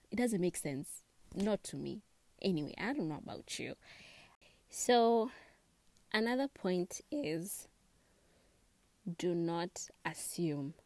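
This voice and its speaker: A young woman with a Kenyan accent chatting casually, expressive and quick to laugh, giving relationship advice. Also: mid-range voice, dry recording. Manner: chatty and expressive, laughs often, mixes in Swahili words. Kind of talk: casual chat to camera.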